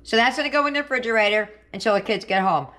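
Racing along in a fairly high, slightly bright voice, this middle-aged cooking channel host chats and thinks out loud while she cooks at home.

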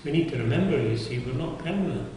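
Fast and expressive, an older Englishman's fairly high voice carries through an echoey chapel, recorded from far off against a noisy background. His sermon is earnest and conversational, full of questions for his listeners.

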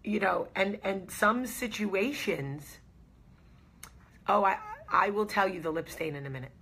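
A woman hosts a casual talk straight to camera. She is earnest and reassuring, and she leans on repeated phrases for emphasis. Her voice is husky and slightly breathy, at a middle pitch. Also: unhurried, fairly bright tone. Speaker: host.

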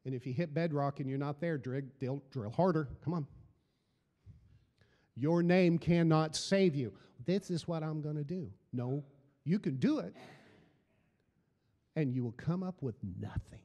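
A man's voice: a little high, animated, a little slow, long pauses, warm tone, long reverb tail, muffled recording. A middle-aged man preaching a sermon as pastor, building emphasis through repeated phrases. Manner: preaching with rising emphasis and repetition.

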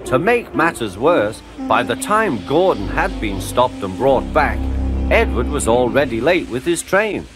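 Male storybook narrator, lively, varied pitch, music underneath. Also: a little slow. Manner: gentle, expressive storytelling. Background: background music.

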